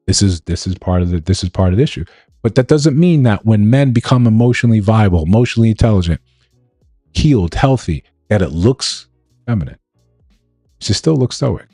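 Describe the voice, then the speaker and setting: A man's voice: lowish voice, lively intonation, moderate pace, mellow, no echo, studio quality, soft background music. A millennial man hosting a live stream, earnestly reasoning through his points and greeting viewers in the chat. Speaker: livestream host.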